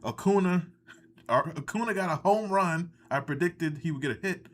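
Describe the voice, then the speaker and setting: A man hosts a casual live stream, rambling from topic to topic in a sardonic tone and chuckling at his own jokes. His voice sits a bit high for a man. He talks straight into a desk mic. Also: normal speed.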